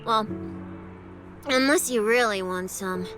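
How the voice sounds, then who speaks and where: A woman's voice: medium pitch, slow pace, close to an everyday voice. An actress voicing Cecilia, a playful, food-loving young female public security specialist in a video game, teasing and joking as she talks. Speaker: game character. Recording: game audio with music behind.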